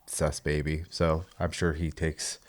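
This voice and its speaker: A man with a very deep voice co-hosts a casual gaming podcast. He gives short, laid-back replies. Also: little pitch movement, unhurried. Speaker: podcast co-host. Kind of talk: casual chat.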